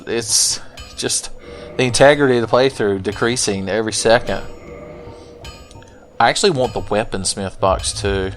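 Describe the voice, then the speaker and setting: A man giving sarcastic, profane let's play commentary, taunting the enemies he fights. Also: medium pitch. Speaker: gaming commentator. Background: faint game music.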